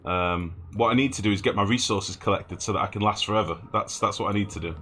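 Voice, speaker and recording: A man's voice: lowish voice, quick pace, pushed and bright, slight background noise. A man chatting casually and swearing freely while he streams a game and answers chat. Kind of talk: casual gameplay commentary.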